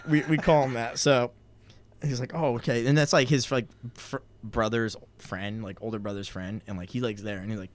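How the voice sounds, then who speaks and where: A man's voice: mid-range voice, fairly even intonation, a little fast, slight background noise. Rambling young man telling a story. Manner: rambling, profane, heavy on filler "like". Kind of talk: casual storytelling chat.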